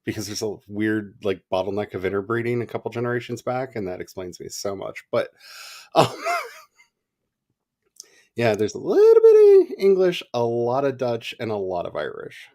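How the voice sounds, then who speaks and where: A man co-hosting a livestream in casual chat, animated and chatty, laughing often. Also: mid-range voice, normal speed. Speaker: livestream co-host.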